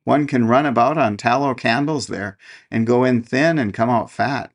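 Eager little mice pester a tree with questions in a gravelly, mid-pitched voice, as a man reads them aloud. It is a plain storybook reading. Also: normal speed, natural voice. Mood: curious.

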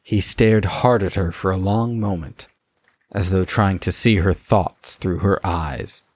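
A man giving steady, scripted story narration. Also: low voice, measured pace, slightly rough, dry recording. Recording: dull lo-fi recording.

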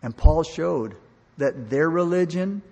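A man's voice: a little high, expressive, slow pace, creaky, darkish tone. A man preaching an earnest, emotional sermon, often restarting his words and acting out the voices in his stories, recorded in a church hall. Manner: acts out dialogue in the story he tells. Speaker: pastor. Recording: long reverb of a large hall.

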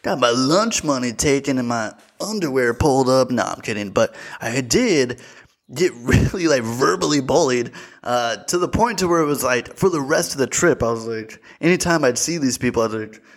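A young man hosting a casual solo podcast, telling a story with animated energy, swearing freely and calling his listeners dude. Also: mid-range voice, moderate pace. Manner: animated storytelling, bursts into shouted voices. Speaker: podcast host.

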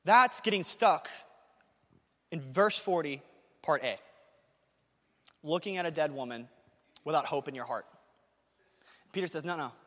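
A man preaching a sermon to his church, talking fast and excitedly, with emphatic repetition. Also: on the high side, in a large hall. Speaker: pastor. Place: church sanctuary.

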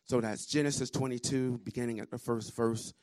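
A man preaching a sermon, reading scripture slowly and projecting strongly, stopping to ask the congregation "Amen?". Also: mid-range voice, steady tone, no room sound, clean studio sound. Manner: slow, deliberate reading that builds to loud projected emphasis. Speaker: pastor.

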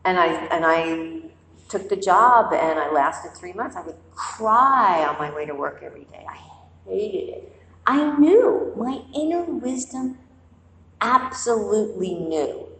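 In a quiet meditation hall, a woman teacher delivers a conversational dharma talk at medium pitch, a little slowly. She tells stories with animation, voicing inner thoughts aloud. The low-quality recording is reverberant and big-roomed, with a little hiss or hum.

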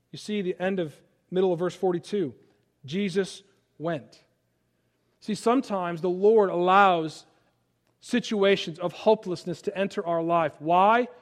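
High-voiced pastor preaching. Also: male voice. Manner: dynamic preaching, quiet and hushed in stories, rising to loud peaks. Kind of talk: sermon.

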